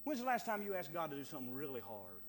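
A man preaching a sermon in a church, building from quiet to loud and fervent. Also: fairly high pitch, wildly swooping pitch, fast talker, in a large hall, a little hiss or hum.

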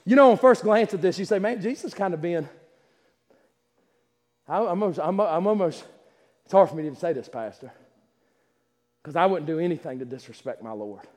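A man preaching a sermon, who swings from loud climaxes to quiet asides and laughs while telling stories. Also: sits high, animated, brisk, long pauses. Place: church sanctuary. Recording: long hall reverb.

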